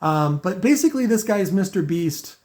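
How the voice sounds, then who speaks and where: A man with a fairly high voice ranting straight to camera. He rambles, keeps restarting his sentences and leans into sarcasm as he talks to his viewers. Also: lively intonation, a little fast, a little mellow. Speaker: car audio video maker. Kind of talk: unscripted rant to camera.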